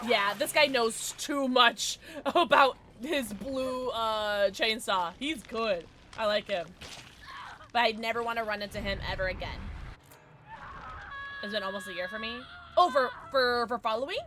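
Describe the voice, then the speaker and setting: A young woman streaming a game live, chatting excitably with her viewers and reacting to the action. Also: fairly high pitch, unhurried, noisy background. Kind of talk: casual gaming livestream chat.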